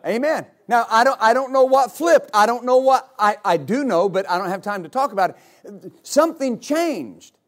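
A male pastor preaching a sermon, rising into repeated, shouted exhortations to his congregation. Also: very high voice, lively intonation, moderate pace. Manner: builds to shouted, repetitive exhortation.

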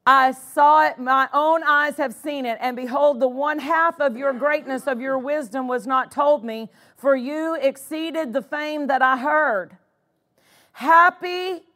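High-voiced woman preaching slowly. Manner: preaching with repeated exclamations of praise. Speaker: pastor. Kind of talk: sermon. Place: church sanctuary.

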